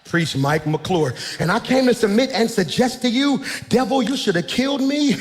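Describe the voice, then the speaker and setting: A high-pitched man preaches to a big church crowd, his voice climbing into shouts. His words ring out through a hall with a long reverb while faint music plays underneath. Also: animated, moderate pace. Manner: shouting, preaching with a sing-song cadence. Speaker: pastor. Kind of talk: sermon. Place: large church before a congregation.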